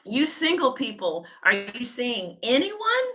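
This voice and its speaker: A woman's voice: on the low side, lively intonation, a little slow, bright, forceful tone. A woman reading tarot cards on a live stream, chatting with her viewers and thinking aloud as she goes. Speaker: tarot reader.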